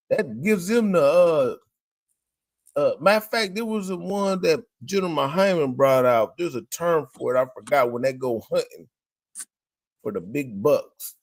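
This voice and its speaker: A man's voice: on the high side, no echo. A man hosting a podcast in casual chat, rambling, hunting for words and quoting scripture. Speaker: podcast host.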